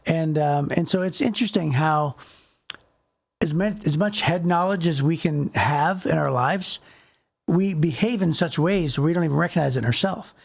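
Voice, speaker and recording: A middle-aged man co-hosts a faith podcast, rambling loosely through a casual discussion and acting out quotes in little voices. His voice sits on the high side, with vocal fry and a moderate pace.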